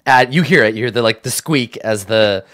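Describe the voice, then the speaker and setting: A man's voice: medium pitch, brisk, a bit bright. A man running a tabletop game as game master, narrating loosely with many fillers.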